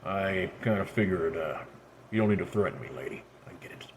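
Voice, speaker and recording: A man's voice: low voice, lively intonation, fairly quick, slight background noise, pitched below the performer's own voice. A man doing a bitter, worn-out tough guy. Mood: bitter weary. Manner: muttered, blunt, tired. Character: bitter, worn-out grown man, blunt and crude.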